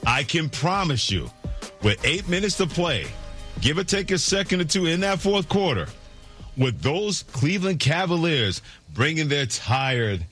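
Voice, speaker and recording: A man's voice: a little high, sing-song, unhurried, a bit bright, breathy edge, soft background music. A man hosting a sports talk show, delivering wry, sardonic commentary. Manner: sardonic, storytelling. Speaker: sports radio host.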